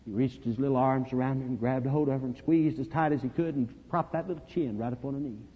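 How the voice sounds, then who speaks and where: A man preaching a sermon, telling a story dramatically and swinging from hushed to loud. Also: medium pitch, fairly even intonation, fast, husky. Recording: dull lo-fi recording, long reverb.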